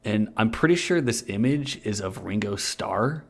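Low, gravelly male podcast host. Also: lively intonation, unhurried. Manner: reads aloud with laughing asides. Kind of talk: comedic fan-fiction reading.

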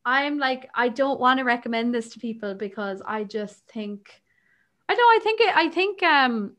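A young woman co-hosting a casual book podcast, chatty and quick to laugh, with lots of fillers. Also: a little high, animated, fairly bright tone. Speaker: podcast co-host.

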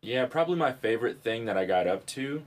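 A man co-hosting a podcast, telling stories in casual chat with lots of profanity and animated turns. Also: medium pitch, fast talker. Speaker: podcast co-host.

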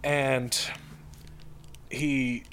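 Man, casual podcast chat, rambling storyteller, middle pitch. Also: level tone, extremely slow, a bit bright, a little hiss or hum. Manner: rambling storyteller with many fillers and restarts.

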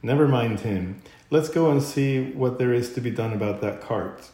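Man voicing a firm storybook rat, stern and loud, mellow, echoey room. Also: medium pitch, moderate pace, natural voice. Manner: firm, shouting. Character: indignant male water rat, stern and practical.

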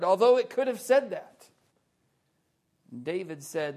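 A man preaching a sermon, slow and deliberate, stressing key words loudly and dropping to hushed low lines. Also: lively intonation.

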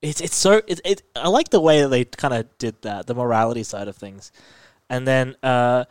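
A man chatting casually as a podcast co-host, recapping a TV episode with loose, rambling energy and constant fillers. His voice sits at an ordinary middle pitch. The recording is close and dry, with no room echo. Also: moderate pace, smooth. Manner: rambling, filler-heavy, animated retelling.

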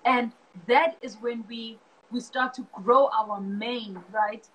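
A woman with a high voice hosts a casual conversation and speaks in an earnest, encouraging way. There is a faint ambient hum behind her. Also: fairly even intonation, slow, a bit bright, rough recording. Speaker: podcast host.

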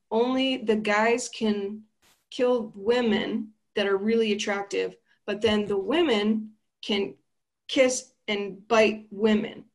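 A young woman recapping a horror film in a chatty, slangy and playful way. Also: medium pitch.

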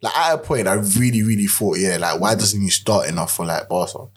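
A young man in a casual football chat, excitable and repeating himself in slangy bursts. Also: lowish voice, fairly quick.

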